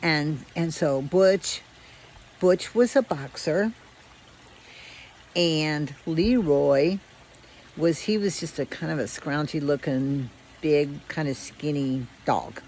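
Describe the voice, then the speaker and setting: A woman telling a children's story aloud in a relaxed, conversational way with frequent restarts. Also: deep voice, slow pace, slight background noise, poor audio. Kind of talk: casual oral storytelling.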